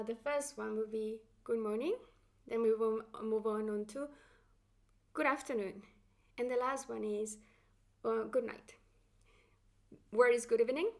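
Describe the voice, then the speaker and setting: A woman teaching Spanish in a patient, encouraging way, her Latin American Spanish accent clear in every phrase. She speaks a touch high, with gravelly fry in her voice, and often pauses on fillers and restarts her sentences. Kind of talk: online language lesson.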